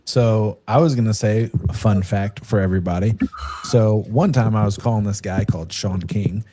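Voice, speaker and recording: A man hosting a casual podcast, asking questions in a relaxed, hesitant way with many fillers. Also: on the low side, normal speed, slight background noise. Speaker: podcast host.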